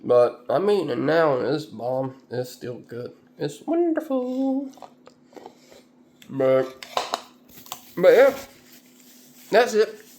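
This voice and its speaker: A man's voice: fairly high pitch, very animated, slow pace, long pauses, darkish tone, slight background noise. A man chatting casually to his viewers in a rambling, laid-back way, full of fillers. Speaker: vlogger. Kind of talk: casual chat.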